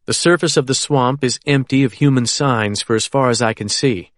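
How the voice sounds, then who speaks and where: A man's voice: medium pitch, normal speed, hardly any pauses, no echo, clean studio sound. Man narrating a thriller audiobook.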